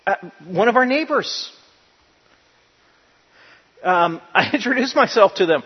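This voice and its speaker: A man preaching a sermon as pastor, emphatic and often rising to loud, animated bursts. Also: sits high, measured pace, pauses often, slightly rough. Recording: dull lo-fi sound with long church reverb.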